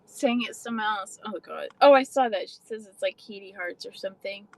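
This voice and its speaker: A woman's voice: mid-range voice, brisk, gravelly, low-quality recording. A young adult woman casually chatting on a livestream, swearing freely and answering viewers' comments. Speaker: livestream host.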